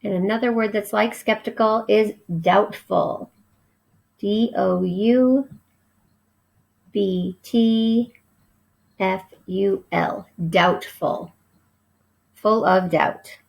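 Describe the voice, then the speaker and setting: A woman teaching a recorded vocabulary lesson at a slow, patient pace. She spells each word out letter by letter before explaining it, and her voice has a gravelly edge. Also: mid-range voice, poor audio.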